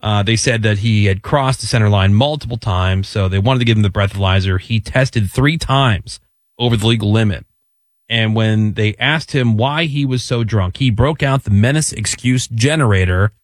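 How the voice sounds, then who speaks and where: A middle-aged man tells odd news stories and family anecdotes in a loose, animated way, slipping into voices. His studio sound is close and dry, with no room around it. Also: on the low side, normal speed, no echo. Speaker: radio show host. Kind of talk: casual radio banter.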